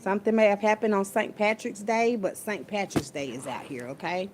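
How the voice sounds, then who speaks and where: A woman's voice: mid-range voice, brisk. A woman, preaching casually and profanely into her phone in a spiritual vlog. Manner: animated, preachy, profane, Southern US slang.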